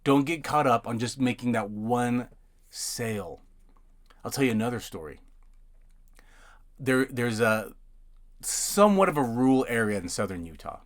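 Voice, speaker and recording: A man's voice: mid-range voice, lively intonation, unhurried, long pauses. A man hosting a podcast, telling work stories in a loose, rambling way from inside a parked van. He stumbles over and repeats his words, and he slips into other people's lines as he recounts them. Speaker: podcast host and notary. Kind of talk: casual storytelling monologue.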